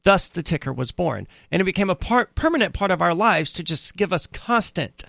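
A man's voice: high voice, big pitch swings, fairly quick, creaky, fairly bright tone, no echo, clean studio sound. A man hosting a casual talk radio chat, reflective and explaining at length.

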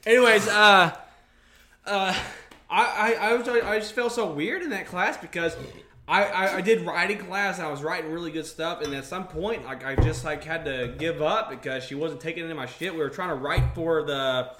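A man's voice: a little high, moderate pace, background noise. A young man chatting casually on a podcast, telling stories in a profane, rambling way full of restarts. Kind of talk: casual chat. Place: studio under bright lights. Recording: roomy echo.

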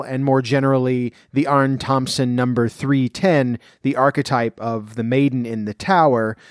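A man reading a fairy tale aloud in a measured, even way, then talking about where the story came from. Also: medium pitch, no room sound, clean studio sound. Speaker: storyteller and folklore commentator.

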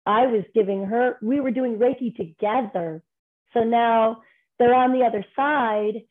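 Woman on a tinny phone-like line. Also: mid-range voice. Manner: candid, rambling, quick restarts. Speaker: podcast guest. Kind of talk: casual conversation, telling personal stories.

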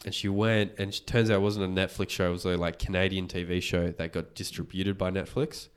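A man, hosting a podcast and retelling a story in casual chat, animated and swearing freely. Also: low-pitched, a little fast, smooth. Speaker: podcast host.

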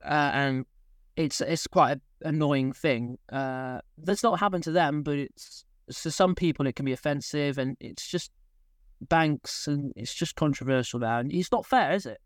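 A man's voice: fairly high pitch, moderate pace, no echo. Rambling young man, dry close sound. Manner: rambling, self-interrupting, laughs often. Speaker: podcast co-host. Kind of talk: casual podcast chat.

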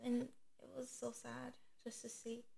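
A woman co-hosting a casual podcast chat, with a relaxed way of telling a story. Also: on the high side, measured pace, gravelly. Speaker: podcast co-host.

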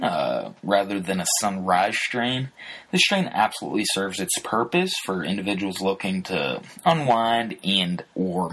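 A man with a low, husky voice hosts a podcast in a loose, unscripted way. He stops and restarts his sentences often, filling the gaps with "uh" as he goes. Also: fairly bright tone, low-quality recording. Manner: halting, many fillers and restarts. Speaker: podcast host. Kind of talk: casual unscripted commentary.

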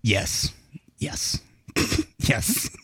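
A man's voice: very slow, noisy background. A man hosting a casual veterans' talk show, telling stories with heavy swearing and frequent laughter. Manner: profane, laughs often, lively storytelling. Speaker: podcast host. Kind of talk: casual chat.

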